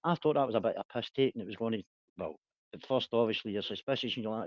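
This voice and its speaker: A man's voice: lowish voice, rapid-fire, no echo, dull audio. A man, hosting a casual livestream chat, rambling, laughing and swearing a lot. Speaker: livestream host.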